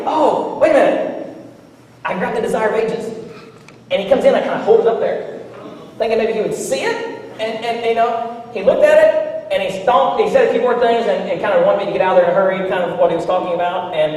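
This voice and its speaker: A man preaching a sermon as a story, animated and chuckling as he talks, acting out the voices of the people in it. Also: high-pitched. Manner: animated, acts out quoted voices, chuckles while talking. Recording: echoey hall, from a distance.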